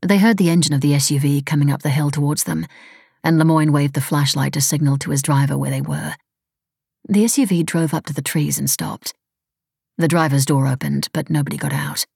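Female audiobook narrator, low and husky, close and dry. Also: fairly even intonation, brisk, darkish tone, dry recording. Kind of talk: scripted narration.

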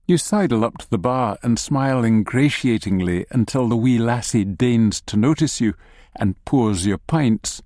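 Male narrator, second-person story, slow and wry, dry mic. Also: medium pitch, warm tone, dry recording.

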